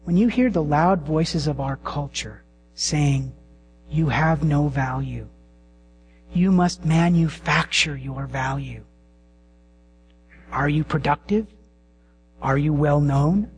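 A middle-aged man preaching a sermon and leading a prayer, speaking slowly and intimately and dropping to hushed whispers. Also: fairly high pitch, a little hiss or hum. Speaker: pastor.

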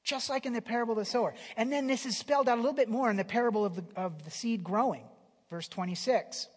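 A man preaching a sermon with a high, slightly husky voice. He talks conversationally, restarting phrases and dropping from loud emphasis to near whispers. The sound carries a long hall reverb. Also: fast talker. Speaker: pastor.

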